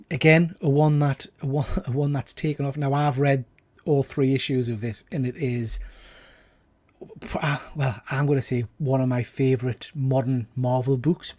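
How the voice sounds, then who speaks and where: A man chats enthusiastically while hosting a live stream. His voice is mellow and warm rather than bright. Now and then he drops into quieter, trailing asides. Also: medium pitch. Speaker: livestream host. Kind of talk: casual live chat.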